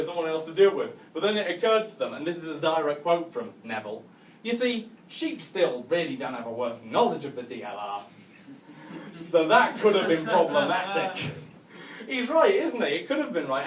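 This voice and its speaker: A man's voice: a little high, roomy sound, recorded from a distance, a little hiss or hum. A man from Cumbria telling a rambling stand-up story to a live audience, laughing at his own jokes and tagging lines with "right?". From northwest England (Cumbria). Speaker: stand-up comedian. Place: hotel function room, live audience.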